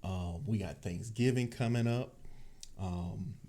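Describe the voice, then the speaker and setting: Speaking slowly, this Cleveland, Ohio tech channel host keeps his livestream chat relaxed and chatty, with plenty of laughter. His low, mellow voice carries a deep bass, picked up by a desk microphone.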